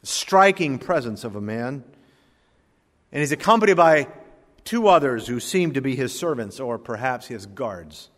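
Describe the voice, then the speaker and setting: Male preacher, mid-pitched, dramatic loud-and-soft sermon delivery, long hall reverb. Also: very animated, unhurried. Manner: dramatic preaching, swinging between loud emphasis and quiet asides; reads scripture in King James wording. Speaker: pastor.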